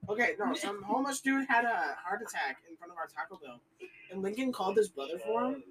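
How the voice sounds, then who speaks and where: A man in a casual chat among friends, telling a quick anecdote and cutting in on the others. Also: sits high, animated, recorded from a distance, background noise.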